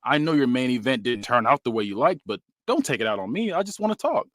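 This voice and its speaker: A man's voice: mid-range voice, very animated, quick pace, a bit bright, dry recording, studio quality. A man reading as a smug scheming rival businessman. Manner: condescending, slick, faintly mocking. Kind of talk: read-aloud fantasy wrestling booking.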